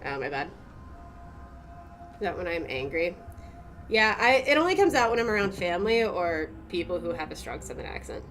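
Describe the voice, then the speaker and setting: A woman's voice: fairly low pitch, sing-song, normal speed, pauses often, fairly bright tone, a little hiss or hum. A young American woman streaming a game, chatting casually with viewers, laughing and swearing now and then. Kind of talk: casual gameplay commentary.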